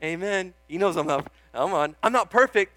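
A man's voice: sits high, expressive, normal speed, a bit bright, no echo. A young man preaching a sermon in an earnest, chatty way, often calling out "Amen?" and joking about himself. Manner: self-deprecating, laughs at himself.

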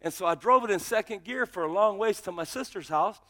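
High, bright-voiced man preaching. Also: expressive, brisk. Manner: storytelling, builds to shouted preaching. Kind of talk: testimony sermon.

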